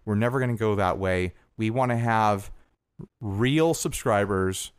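A man's voice: lowish voice, a little slow, clear, resonant tone, no room sound, studio quality. A man co-hosting a podcast in casual chat, talking earnestly and rambling with restarts. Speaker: podcast co-host.

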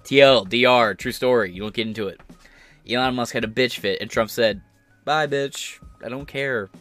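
A man's voice: medium pitch, fairly even intonation, a little fast, fairly bright tone, dry recording, faint music behind. A man hosting a podcast, giving crude, sarcastic live-stream commentary. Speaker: podcast host.

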